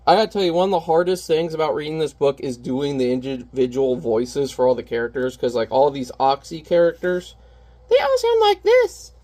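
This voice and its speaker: A man's voice: medium pitch, fairly quick, few pauses, dark tone. A man who is a parent, chatting casually and candidly while painting on camera, rambling and self-deprecating. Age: adult parent.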